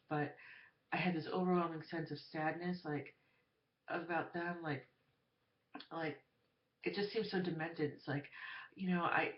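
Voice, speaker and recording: Rambling woman in an echoey room. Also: deep voice. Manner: rambling, hesitant, full of fillers. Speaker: vlogger. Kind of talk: casual storytelling monologue. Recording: roomy, dull lo-fi recording.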